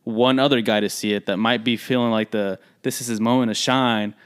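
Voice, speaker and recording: A man's voice: medium pitch, fairly even intonation, a little fast, clear, resonant tone. A young man co-hosting a podcast, telling a party story in casual chat, full of "like" and "you know". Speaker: podcast co-host.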